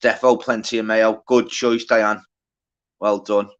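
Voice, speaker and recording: A man's voice: lowish voice, little pitch movement, unhurried, muffled recording. A man hosting a casual livestream, reading out the chat, greeting viewers by name and bantering with plenty of swearing. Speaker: livestream host.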